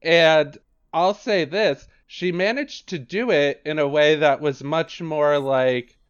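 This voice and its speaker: A man co-hosting a podcast in casual chat, talking loosely with lots of fillers and animated quoted asides. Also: a little high, takes it slowly, smooth, dull audio. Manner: chatty, filler-heavy, animated quoting. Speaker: podcast co-host.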